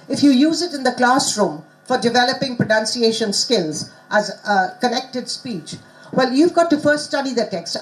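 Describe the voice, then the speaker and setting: A woman's voice: a little high, rough recording. A middle-aged woman presenting at a conference, teaching in an interactive way and quizzing the audience.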